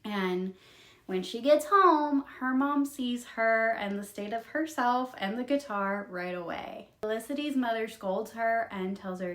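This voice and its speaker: A young woman creator recapping children's books in a casual, expressive storytelling style, emotional and quick to laugh. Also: on the high side, roomy sound. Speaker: video creator retelling books.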